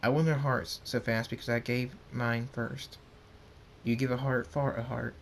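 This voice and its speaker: A man voicing a kind, battle-hardened young pony prince in a read-aloud fan story, in a plain, soft-spoken way. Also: mid-range voice, level tone, normal speed, gravelly, a little hiss or hum, lightly acted.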